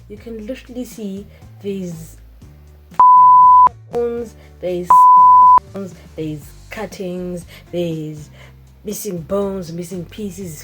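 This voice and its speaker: Animated woman vlogger. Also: mid-range voice, poor audio. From Zimbabwe. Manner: animated, expressive, emphatic. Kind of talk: casual vlog chat.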